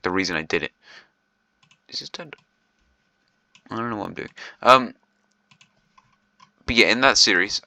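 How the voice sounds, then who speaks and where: A deep-voiced man with a pushed, bright delivery gives loose, chatty commentary on a video series. He half-jokes, laughs briefly, and stumbles through ums and restarts, all on a dry, rough recording.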